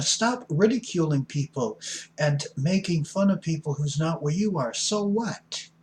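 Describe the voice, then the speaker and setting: Blunt folksy man with slow delivery. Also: on the high side, slight background noise. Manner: blunt, folksy, preachy with sudden loud emphasis. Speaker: addiction counselor. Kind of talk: motivational recovery talk.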